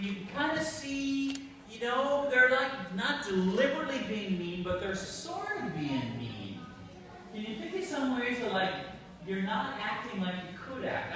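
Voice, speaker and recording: A man's voice: high voice, big pitch swings, normal speed, noisy background. A man giving a homily to children in church, chatty and coaxing as he asks them questions. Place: large church. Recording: echoey church from far off.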